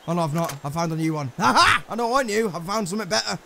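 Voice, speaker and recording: An English man giving excitable, swearing let's play commentary to himself while he plays, with game music behind him. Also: sits high, fast, creaky, heavy background noise. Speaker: gameplay commentator.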